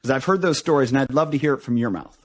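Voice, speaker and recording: A man's voice: medium pitch, very fast. A man hosting a podcast, asking long questions with many restarts and encouraging the guest. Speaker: podcast host. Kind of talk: interview questions.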